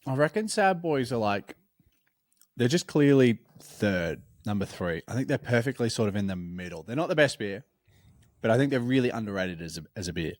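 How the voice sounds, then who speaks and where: A young man co-hosting a chat podcast, his pitch leaping up and down as he spins a yarn. The sound is close and dry with no room around it, and he swears casually as he goes. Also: normal speed, no room sound. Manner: animated storytelling, swears freely. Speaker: podcast co-host.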